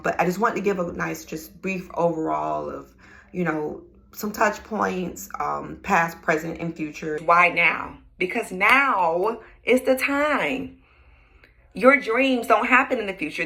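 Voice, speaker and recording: A young adult woman speaking in an emphatic, preachy way, repeating her points like a motivational sermon. Her slightly low voice is bright and edged with gravelly fry. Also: measured pace. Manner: preachy, emphatic, repetitive, casual slang. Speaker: spiritual vlogger. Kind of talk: inspirational monologue.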